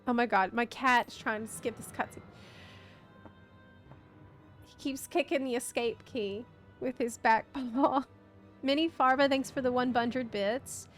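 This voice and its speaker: A woman streamer talks casually to her viewers, commenting on a game and thanking them for their support. Her voice sits a little higher than most, with faint game music playing underneath. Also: fairly even intonation, unhurried, pauses often. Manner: chatty, thanks viewers between game scenes. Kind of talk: casual live-stream chat.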